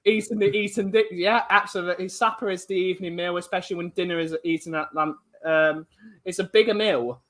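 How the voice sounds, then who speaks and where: A man with a high, bright voice chips into relaxed podcast chat with quick jokes and playful mock announcements. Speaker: podcast co-host. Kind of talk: casual banter.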